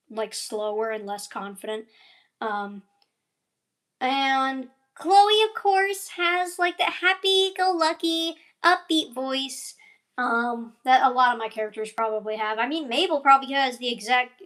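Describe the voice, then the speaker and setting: In a fairly high, somewhat bright voice, the young animator and voice actor chats her way through a meandering vlog. She fills it with filler words and tangents, yawning now and then.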